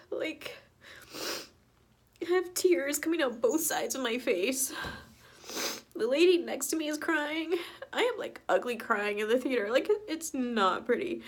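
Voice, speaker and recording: A woman with a somewhat high voice talks in a casual reaction vlog. She is earnest and openly emotional, chatting and laughing as she goes. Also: lively intonation, a little slow, long pauses. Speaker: movie reaction vlogger.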